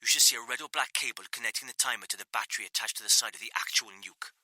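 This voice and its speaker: A male narrator voicing a Welsh naval engineer who calmly coaches someone through disarming a device over a radio line. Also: mid-range voice, no echo, pitched above the performer's own voice, poor audio. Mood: coaching. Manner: steady, coaching, rushed under pressure. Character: Welsh male bomb-disposal engineer, calm guide.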